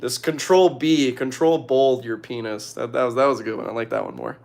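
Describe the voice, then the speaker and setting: A young man casually reading out viewer questions and giving joking, deadpan advice. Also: mid-range voice, fairly quick, vocal fry. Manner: reads questions aloud, jokey deadpan answers. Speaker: streamer answering viewer questions.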